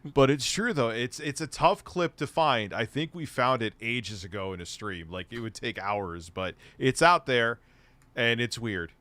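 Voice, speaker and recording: A man in his forties hosts with a mid-pitched, ordinary voice. He rambles through crude jokes and stammers over his restarts. The recording is dry and close. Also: animated, a little slow, pushed and bright, no room sound. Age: 40s. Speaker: show host. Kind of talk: casual chat.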